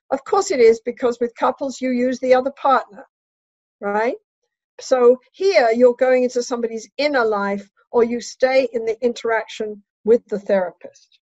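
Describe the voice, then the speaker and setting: A woman's voice: fairly high pitch, no room sound, dull audio. A woman therapist and trainer giving a teaching lecture, emphatic and instructive, often checking in with "right?".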